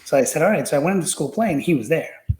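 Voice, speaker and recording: A man's voice: on the high side, animated, very fast, darkish tone, echoey room, slight background noise, rough recording. A man, a podcast guest, telling stories from his school years in a rambling, casual way, full of fillers and restarts. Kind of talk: casual storytelling.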